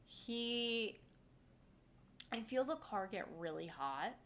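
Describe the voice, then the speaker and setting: A woman in her twenties, co-hosting a podcast, telling a story in casual chat with animated delivery and heavy swearing. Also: a little high, slow pace, a little hiss or hum. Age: 20s. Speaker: podcast co-host.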